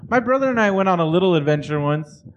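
A man's voice: high-pitched, lively intonation, quick pace, muffled recording. A man in his thirties co-hosting a podcast, chatting casually in a laid-back, agreeable way. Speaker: podcast co-host. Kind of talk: casual chat.

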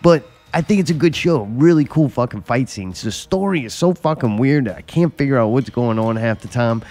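A man's voice: medium pitch, expressive, a little fast, a little mellow. Profane, laid-back male podcast host. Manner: loose, profane, laughing banter. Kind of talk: casual chat.

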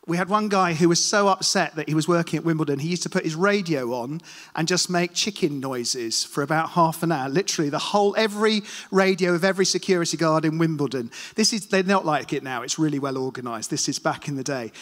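A man with a fairly high voice gives a relaxed, chatty sermon in a church hall. The reverb rings long behind him. He tells self-deprecating stories and puts questions to the congregation. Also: fast. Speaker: preacher. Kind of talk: casual sermon with anecdotes.

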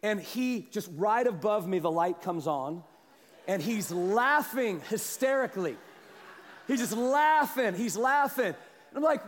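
A man preaching a sermon as a pastor, telling a story with animated energy and a slight cough. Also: sits high, measured pace, long pauses, in a large hall, slight background noise. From Kansas, US. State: has a cough.

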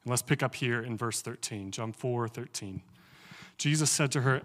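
A male preacher in a relaxed, conversational sermon, reading scripture aloud and then talking it through. His voice sits at an ordinary middle pitch, and he often stops on small fillers as he gathers his thoughts. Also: moderate pace.

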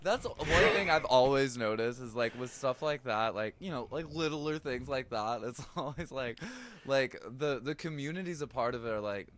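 Wry young man with a lively voice. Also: medium pitch, moderate pace, a little hiss or hum. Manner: wry, hedging, full of fillers. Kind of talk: casual chat.

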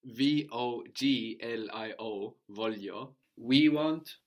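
A man's voice: mid-range voice, slow pace, lo-fi sound. Patient male language teacher. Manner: patient, prompting, spells words letter by letter; often ends with a checking "no?". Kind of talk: guided language lesson.

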